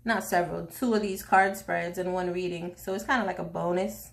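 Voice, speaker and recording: A woman's voice: lowish voice, fairly even intonation, brisk, vocal fry. A woman from Haiti giving a casual tarot reading, slangy and chatty with jokey asides. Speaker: tarot reader.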